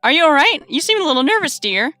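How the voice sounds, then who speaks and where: A woman's voice: high-pitched, big pitch swings, fast talker, bright, forceful tone, no echo, soft background music, voice pushed up, full character voice. A woman voicing a giant spider who is a sweet, doting old lady and wedding planner, calling everyone dearie, in a visual novel game. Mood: chirpy, apologetic.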